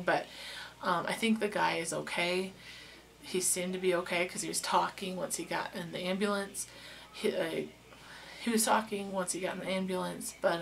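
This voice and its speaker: Young woman, casual storytime, low voice with vocal fry, chatty with fillers, faint hiss behind. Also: fairly bright tone. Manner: chatty, many fillers and restarts. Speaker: beauty vlogger.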